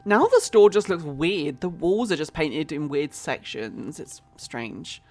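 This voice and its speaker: A British woman streams a life-sim game, chatting casually, thinking out loud and saying hello to viewers in her chat. Her voice is deep and a little mellow, moving slowly with big swings in pitch.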